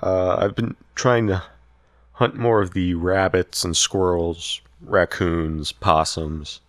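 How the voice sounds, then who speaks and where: A man doing a deep, slow rural hunter. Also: fairly even intonation, fairly bright tone, no room sound, clean studio sound. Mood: wary.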